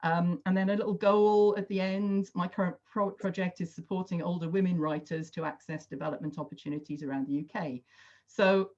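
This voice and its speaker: A woman's voice: low voice, darkish tone. A woman facilitating an online workshop on a video call, chatty and encouraging, with lots of "sort of" hedges. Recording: dull lo-fi video call audio.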